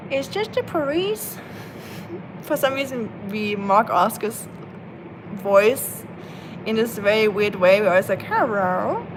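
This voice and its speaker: A woman's voice: medium pitch, noisy background. A woman live streaming and chatting casually with her viewers, playful and laughing often. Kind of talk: casual chat. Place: at home, rain outside. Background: rain ambience.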